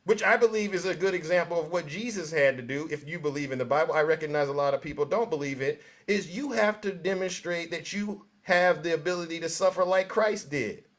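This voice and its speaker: Male call-in host, high bright voice, calm and placating. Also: a little fast, few pauses, slight background noise. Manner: calm, soothing, repeats names to get attention. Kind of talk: live call-in show hosting.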